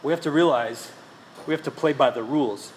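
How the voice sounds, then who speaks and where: A pastor with a mid-range voice gives a brisk sermon, telling stories and posing rhetorical questions to the congregation. The hall is echoey with faint ambience, and there's slight background noise.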